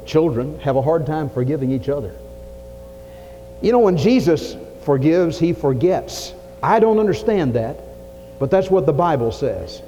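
A preacher delivers a folksy sermon in a fairly high, mellow man's voice, rising loud and then dropping to a hush. The recording is a dull, lo-fi 1980s church tape with a long reverb tail from the sanctuary and a faint hiss underneath. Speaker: pastor.

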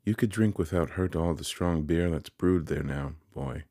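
A man's voice: low-pitched, moderate pace, dark tone, no echo, studio quality. A man voicing a proud, cool young woman who speaks in a curt, dismissive way. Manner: haughty and dismissive.

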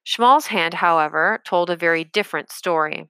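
A woman reading an audiobook chapter in a measured storytelling manner. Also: on the low side, bright, forceful tone, clean tone, no room sound. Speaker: audiobook narrator. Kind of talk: scripted narration.

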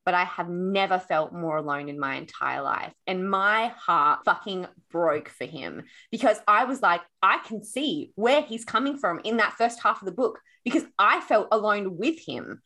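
A woman co-hosting a book podcast, talking in loose casual chat at an everyday middle pitch. She swears freely and gets openly emotional as she goes back over the plot. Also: lively intonation, moderate pace, few pauses, pushed and bright.

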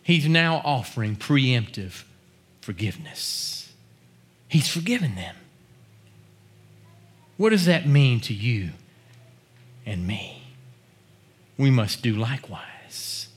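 A man preaching a sermon, building chanted refrains to shouted climaxes before dropping to quiet, earnest teaching. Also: mid-range voice, big pitch swings, slow, long pauses, husky.

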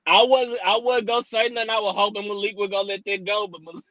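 A man from Memphis co-hosting a casual sports podcast over a remote call, quick and emphatic, tossing in "bro" a lot. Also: high voice, flat delivery, highs cut off, over a noisy crowd. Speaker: podcast co-host.

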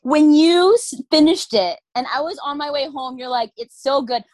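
A young woman co-hosting a casual book chat, animated and quick to act out what people said. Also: sits high, no echo. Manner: animated, acts out quoted lines, laughs often. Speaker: podcast co-host. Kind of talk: casual chat about books.

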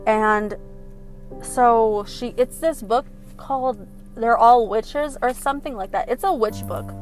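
A young woman casually retelling a film plot, animated and profane, with lots of fillers. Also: fairly high pitch, takes it slowly, soft background music. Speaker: film recapper. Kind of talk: casual storytelling recap.

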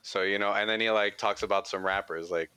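A man's voice: lowish voice, fairly even intonation, a little fast, bright, forceful tone, clean tone, no room sound. A young man hosting a podcast, telling a childhood story in a rambling, profane way full of "like" fillers. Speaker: podcast host. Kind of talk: casual storytelling chat.

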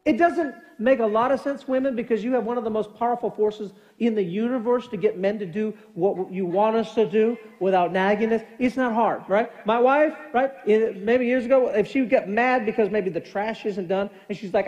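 A middle-aged man preaching a sermon as pastor, telling animated family stories and acting out quoted lines. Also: high voice, normal speed, hardly any pauses. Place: church sanctuary. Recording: long church hall reverb.

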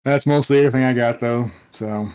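A man's voice: medium pitch, fairly even intonation, darkish tone, clean tone. A man co-hosting a podcast, telling rambling stories in casual chat with lots of restarts. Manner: rambling, halting storyteller. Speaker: podcast co-host.

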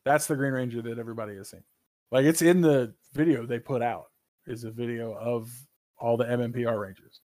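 Guy cohosting a gaming podcast, strong opinions, swears a lot, dry close sound, mid pitch. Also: a little fast, dry recording. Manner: animated, opinionated, swears freely. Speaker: podcast co-host. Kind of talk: casual podcast chat.

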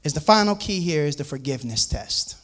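A man's voice: a little high, expressive, fairly quick, a bit bright. A man preaching a sermon, reading scripture aloud and explaining it to his listeners. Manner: reads scripture aloud and comments on it; repeats words and restarts, addresses listeners as "man".

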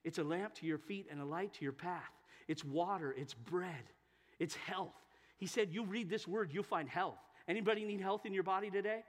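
A male pastor with a high, bright voice preaching in a church sanctuary. He is emphatic and swells into loud, fervent exhortation. A long hall reverb trails his words. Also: brisk. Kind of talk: sermon.

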